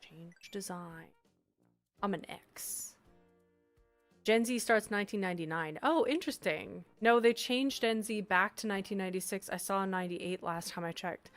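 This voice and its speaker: A woman's voice: mid-range voice, normal speed. A woman live-streaming as she works on game designs, chatting casually with her chat, reading messages aloud and laughing often. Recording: faint background music.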